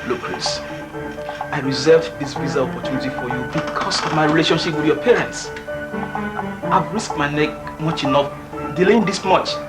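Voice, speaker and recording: A man's voice: a little high, moderate pace, lightly acted. A man playing a firm, impatient fixer. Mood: stern. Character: impatient man holding a visa slot. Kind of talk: Nollywood film drama acting. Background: film score music.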